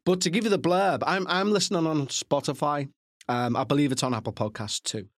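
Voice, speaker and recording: A man's voice: a little high, brisk, no echo, clean studio sound. A man hosting a podcast, chatting casually and rambling through asides, with the odd swear. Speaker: podcast host. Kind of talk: casual chat to listeners.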